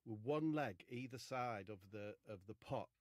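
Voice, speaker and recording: A man telling a rambling comic story in a deadpan way, with casual swearing. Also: medium pitch, normal speed, dry recording, clean studio sound. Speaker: comedian.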